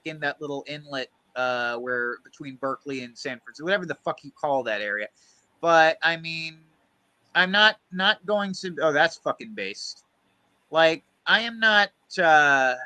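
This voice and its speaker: A man with a sharp, bright voice, a touch high, hosts a casual stream. He hesitates with fillers and drops profanity. The sound is dry and close. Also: no echo. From United States. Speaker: host.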